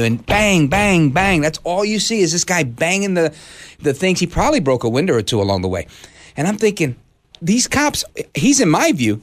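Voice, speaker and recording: A man hosting a talk radio show from a studio, delivering an indignant, animated monologue. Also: a little high.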